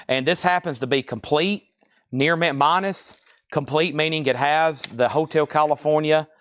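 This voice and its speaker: A man hosting a live-stream record sale, calling out titles, bids and prices in a steady stream. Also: on the high side, no room sound. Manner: rapid-fire listing of items and prices. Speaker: live auction seller.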